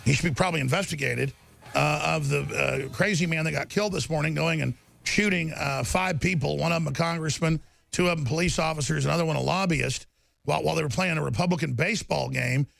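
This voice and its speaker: A man hosting political talk radio, ranting in heated bursts with a gravelly voice. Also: a little high, dry recording. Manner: fiery, ranting, shouting bursts. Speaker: radio talk show host.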